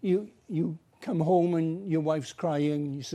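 A man's voice: on the high side, fairly even intonation, slow pace, few pauses, mellow. A male preacher giving an earnest, pleading evangelistic sermon, acting out little everyday dialogues.

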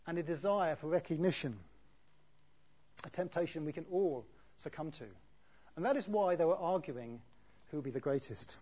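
A man preaching a sermon in a conversational way, often asking rhetorical tag questions, with a husky voice. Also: high voice, darkish tone. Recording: dull lo-fi recording.

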